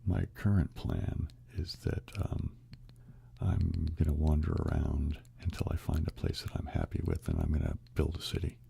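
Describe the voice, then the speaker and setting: A man hosting a live stream, whispering and speaking softly close to the microphone in an ASMR style while chatting with viewers. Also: rumbling low, very animated, moderate pace, creaky, slightly rough, no echo. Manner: alternates whispers with soft close speech, chats to viewers.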